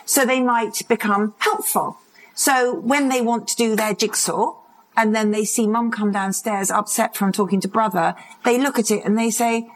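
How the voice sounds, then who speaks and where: A woman's voice: fairly high pitch, steady tone, moderate pace, a little hiss or hum, poor audio. A woman addiction expert giving a live conference talk, telling stories and acting out the voices of people in them. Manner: vivid storytelling, acts out quoted voices. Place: conference hall, live audience.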